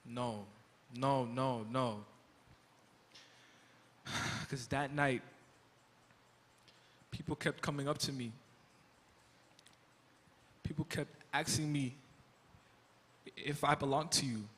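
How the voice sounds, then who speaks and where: A young man playing the apostle Peter as an excitable, rambling fisherman in a school stage skit, with a comic edge. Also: on the high side, normal speed. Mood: remorseful. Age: young adult. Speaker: student actor in a school skit. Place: school auditorium. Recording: reverberant hall.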